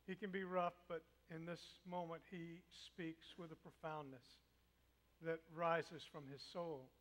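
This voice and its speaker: A male preacher giving a dramatic sermon in a church sanctuary, swinging between loud declaiming and a soft hush. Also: a little high, level tone, slow pace.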